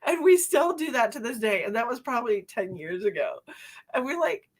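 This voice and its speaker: A middle-aged woman chats on a live stream in a slightly high voice, breaking into giggles again and again. She is a psychic medium talking loosely with her viewers. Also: animated, brisk, husky. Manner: giggly, laughs often, chatty. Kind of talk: casual live-stream chat.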